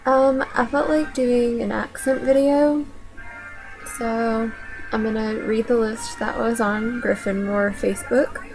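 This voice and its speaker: Slow-talking young Tennessee woman. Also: a little high, fairly even intonation, music in the background, poor audio. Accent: Tennessee Southern. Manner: unhurried, hesitant, with many fillers. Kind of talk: casual accent challenge vlog.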